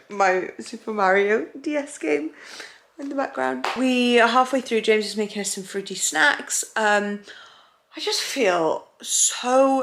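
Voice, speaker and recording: A woman's voice: medium pitch, a bit bright, echoey room, slight background noise. A young woman, heavily pregnant, chatting casually to camera at home and sounding a little out of breath. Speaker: vlogger. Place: living room at home.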